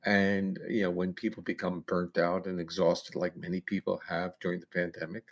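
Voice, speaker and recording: A man's voice: deep voice, flat delivery, normal speed, vocal fry. A man guest on an interview, giving long explanations of research in a lecturing way with casual fillers. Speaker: neuroscientist guest.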